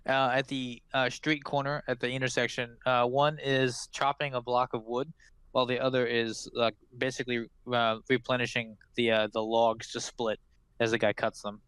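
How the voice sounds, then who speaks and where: Smooth-voiced man running a tabletop game. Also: mid-range voice, level tone, moderate pace, fairly bright tone, no room sound, rough recording. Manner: loose, filler-heavy narration. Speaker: game master.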